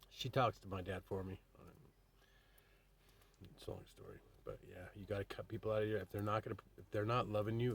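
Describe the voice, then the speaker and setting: A man's voice: on the low side, vocal fry. A man telling rambling, profanity-laced stories in a casual vlog, calling his listeners babe. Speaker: vlogger. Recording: distant mic with faint background noise.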